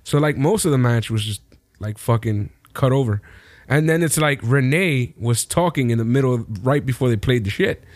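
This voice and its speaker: A young man co-hosting a podcast, talking in loose, profane, joking banter. His voice sits at a middle pitch. The sound is dry, with no room echo. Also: normal speed. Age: young adult. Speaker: podcast co-host. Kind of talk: casual chat.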